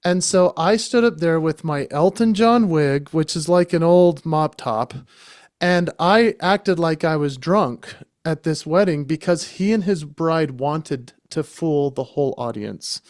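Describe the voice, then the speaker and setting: A man's voice: fairly high pitch, measured pace, no room sound. A man telling an enthusiastic story as a podcast guest, talking casually into a close microphone. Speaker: guest, entertainer and speaker.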